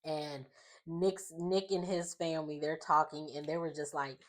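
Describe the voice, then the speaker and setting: A woman's voice: low-pitched, flat delivery, normal speed. A woman casually recapping a reality show, rambling with lots of fillers and frequent laughs.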